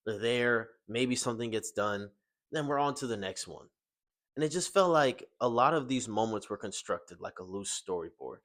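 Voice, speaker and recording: A man's voice: mid-range voice, lively intonation, moderate pace. A young man giving a casual film review, exasperated and rhetorical, his voice climbing when incredulous.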